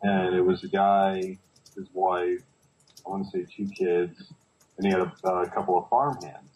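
Deep-voiced man telling a story. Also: level tone, measured pace, a little mellow, rough recording. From United States. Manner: storytelling with frequent "uh" hesitations. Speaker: podcast co-host. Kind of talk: casual chat.

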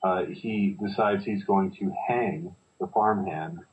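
A man's voice: deep voice, slow, phone-quality sound. A man co-hosting a podcast, telling a story casually with frequent hesitations. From United States. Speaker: podcast co-host. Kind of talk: casual chat.

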